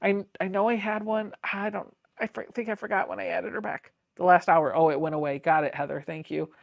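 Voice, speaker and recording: A woman's voice: fairly low pitch, steady tone, fairly quick, gravelly, no room sound, dull audio. Chatty woman hosting a sewing stream. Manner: chatty, reads viewer comments aloud and answers them, laughs often. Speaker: quilting livestream host. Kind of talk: casual livestream chat while sewing.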